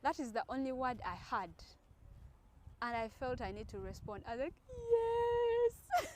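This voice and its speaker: A young woman from Uganda telling a personal story to her viewers in an animated storytime vlog, talking straight to them. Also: a little high, normal speed, slight background noise. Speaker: vlogger.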